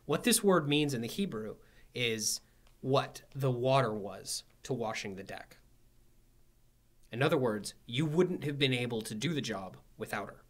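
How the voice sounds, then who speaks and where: A man's voice: medium pitch, lively intonation, measured pace. A man leading a conversational Bible study, reading verses and explaining them with frequent checking questions. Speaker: Bible class teacher.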